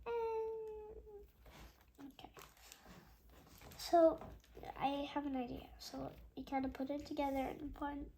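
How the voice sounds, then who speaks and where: High-voiced woman reading slowly aloud. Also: warm tone, slight background noise. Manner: slow careful reading with small slips and chatty asides. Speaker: read-aloud host. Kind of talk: reading a chapter book aloud.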